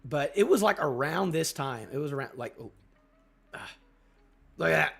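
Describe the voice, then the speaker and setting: A young man reviewing a manga chapter on a casual live stream, excitable and full of fillers. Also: a little high, normal speed, creaky, breathy edge. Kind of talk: casual live reading and reaction.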